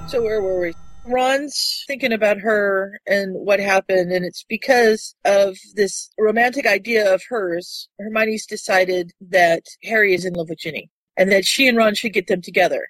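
Woman, book chat co-host, reads excerpts aloud, mid-pitched, dry close sound. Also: moderate pace, no room sound, rough recording. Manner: retells the story and reads passages aloud. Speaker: podcast co-host. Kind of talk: casual book discussion.

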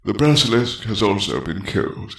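A man voicing a calm, courteous elderly male headmaster with a measured, polite delivery. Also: fairly low pitch, gravelly, roomy sound. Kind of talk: audiobook fan fiction reading.

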